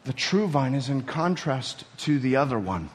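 A man's voice: very animated, moderate pace, breathy edge. Preaching man in a reverberant hall. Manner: teaching, building to emphatic high peaks. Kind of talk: sermon.

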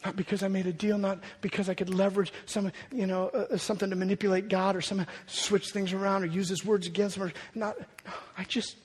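A pastor preaching a sermon, talking emphatically and swinging between hushed and loud passages. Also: male voice, sits high, flat delivery, fast, few pauses, slightly rough, in a large hall.

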